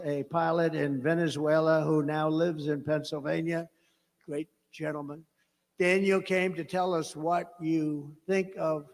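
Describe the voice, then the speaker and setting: A man with a fairly high voice delivers a loose, emphatic rally speech. He doubles back on phrases and tosses in mocking asides. His voice carries a long reverb tail through the venue's PA. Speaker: political candidate at a rally.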